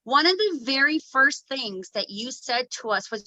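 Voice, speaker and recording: A woman's voice: sits high, expressive, normal speed, few pauses, sharp tone, no echo, highs cut off. A woman hosting a motivational video call, upbeat and hyped as she cheers on a teammate. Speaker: host.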